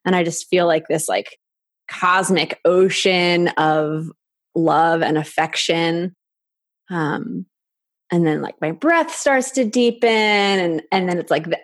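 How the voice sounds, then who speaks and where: Soft-spoken woman, dry close sound. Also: fairly low pitch, dry recording. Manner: slow, halting, soft, with many filler likes. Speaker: podcast guest. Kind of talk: intimate conversational interview.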